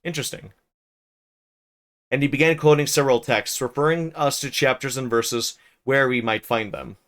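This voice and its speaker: A man's voice: mid-range voice, moderate pace. A man streaming as he narrates a classic novel aloud, breaking off for casual, chatty asides to his chat. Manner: casual, chatty asides between even-paced reading.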